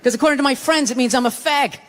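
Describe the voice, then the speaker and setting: A male stand-up comedian on stage, ranting and swearing with sudden shouted bursts. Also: extremely high pitch, rapid-fire, background noise. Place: large comedy venue on stage. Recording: live hall with loud audience. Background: audience laughter.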